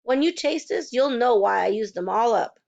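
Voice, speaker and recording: A woman plays a cheerful, overconfident dad, upbeat and coaxing. Her voice stays fairly high, and it comes through a dull, lo-fi storybook recording. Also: lively intonation, normal speed, gravelly, a little mellow. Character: cheerful dad, eager and confident.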